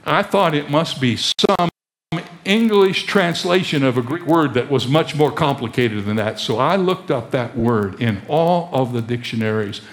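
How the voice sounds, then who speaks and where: A man preaching a sermon as pastor, animated and fond of rhetorical questions. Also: medium pitch, measured pace.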